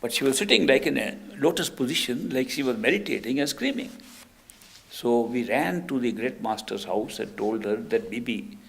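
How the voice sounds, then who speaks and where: A man giving a spiritual discourse, telling stories in an unhurried way with soft laughs. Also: mid-range voice, expressive, creaky. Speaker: spiritual teacher.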